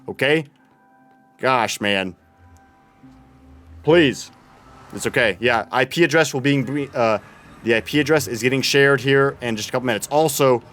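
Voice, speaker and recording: A man's voice: mid-range voice, a bit bright. A young man livestreaming a building game, chatting casually and reading out his chat. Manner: chatty, reads chat aloud and thanks followers. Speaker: streamer.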